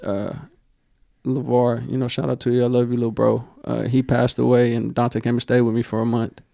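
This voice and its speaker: A man's voice: medium pitch, flat delivery, a little fast, creaky, dark tone, no echo, studio quality. A young man, co-hosting a casual podcast and telling a heartfelt personal story full of slang and fillers. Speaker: podcast co-host.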